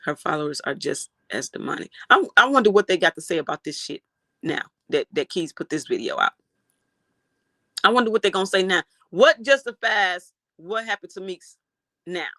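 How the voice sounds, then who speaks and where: An outraged livestream host reacts to a case and reads chat aloud, cursing freely. The voice is gravelly with a sharp, bright edge. It is recorded dry and close. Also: mid-range voice, normal speed, dry recording. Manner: animated, outraged, swears freely.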